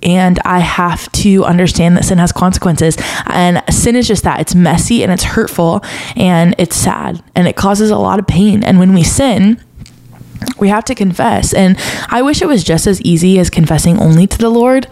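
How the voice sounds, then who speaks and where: A woman's voice: fairly low pitch, normal speed, a little mellow. A young woman hosting a podcast, talking earnestly and confessionally about faith, at times close to tears. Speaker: podcast host. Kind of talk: personal faith podcast talk.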